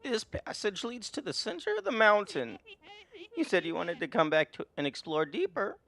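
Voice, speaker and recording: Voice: mid-range voice, sing-song, moderate pace, fairly bright tone. A streamer reading game dialogue aloud in a put-on old granny voice, folksy and cautionary, over faint game music. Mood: friendly. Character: kindly teasing old granny guide. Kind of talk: voicing game dialogue while playing.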